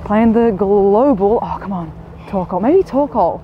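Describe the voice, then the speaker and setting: A young woman, chatting excitedly to camera while walking outdoors in the desert. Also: medium pitch, unhurried, phone-quality sound, slight background noise. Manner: chatty, excitable, self-mocking. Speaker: vlogger. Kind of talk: casual vlog chat. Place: outdoors in the desert at a live event.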